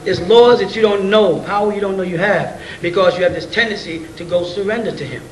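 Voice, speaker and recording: Lecturing briskly to an audience, this high-voiced man keeps things slangy and playful, chuckling between points and peppering his talk with rhetorical questions. Faint music plays behind him, and the audio is roomy, distant, and slightly hissy.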